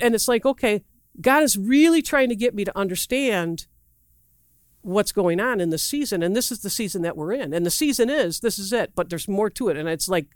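A preacher delivers a loose, rambling sermon full of restarts and asides, acting out quotes with big vocal swings and asking the audience questions directly. His medium-pitched voice is captured in clean studio sound with no echo.

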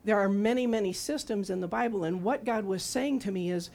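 Speaking a little fast and hardly pausing, a woman in her sixties preaches in a mid-range, darkish-toned voice. The sermon runs as a conversational testimony, with questions to the audience and acted-out quotes of her own and God's words.

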